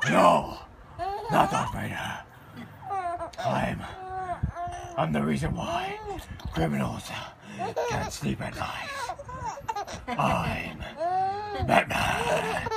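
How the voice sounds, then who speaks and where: A man's voice: a little high, wildly swooping pitch, extremely slow, long pauses, a loud crowd, heavily acted. A man putting on a brooding masked vigilante's voice to play with his baby daughter. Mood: gravelly growl. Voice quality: gravelly growling whisper.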